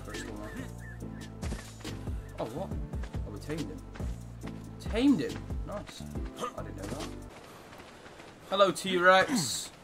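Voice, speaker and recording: A young man giving casual, excitable gameplay commentary, swearing often and shouting when surprised. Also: on the high side, slow, long pauses, over music. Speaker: gaming YouTuber.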